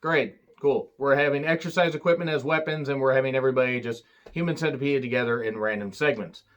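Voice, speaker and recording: A man talking through a wrestling episode in a loose, sarcastic way, dropping curses and side jokes as he goes. His voice sits at an ordinary middle pitch for a man, plain and unforced. He sounds like a solo reviewer chatting to his audience. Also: quick pace, highs cut off. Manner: sarcastic, swears freely. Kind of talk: casual recap commentary.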